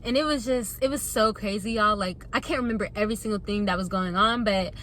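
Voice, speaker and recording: A young woman vlogger telling a casual storytime to her viewers, animated and chatty, calling them y'all. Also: mid-range voice, fast, slight background noise.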